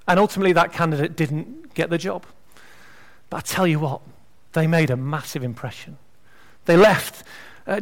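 A man preaches a sermon in a notably high voice. He speaks in an animated, conversational way and drops wry, humorous asides between his points.

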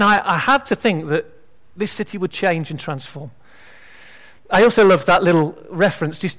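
A man preaches a sermon in a notably high voice. He speaks in an animated, conversational way and drops wry, humorous asides between his points.

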